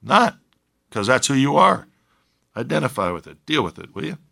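A man's voice: mid-range voice, sing-song, normal speed, gravelly, sharp tone. A man preaching a sermon in a conversational way, with joking asides to his listeners. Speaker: pastor.

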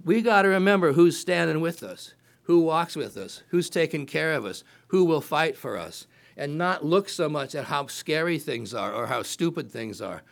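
A man's voice: fairly high pitch, lively intonation, normal speed, vocal fry. A man preaching a sermon, reading Bible verses aloud and breaking in with emphatic rhetorical questions.

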